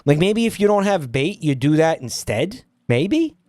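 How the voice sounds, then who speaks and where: A man's voice: a little high, very animated, a little slow, a little mellow, no echo. A man streaming and ranting at his chat, exasperated and swearing often. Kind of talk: casual stream rant.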